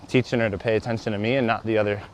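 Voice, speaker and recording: A man's voice: rapid-fire, slight background noise. A young man, a dog trainer, talking casually through each step of a training session while walking his dog outdoors. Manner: explains steps aloud, breaks into high excited praise for the dog. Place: outdoors on a walking path and grass.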